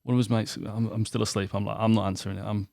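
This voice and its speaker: A man, co-hosting a goalkeeper podcast and telling an animated night-out story with lots of acted quotes. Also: fairly low pitch, rapid-fire, gravelly, dry recording, studio quality. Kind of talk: casual chat, telling a story.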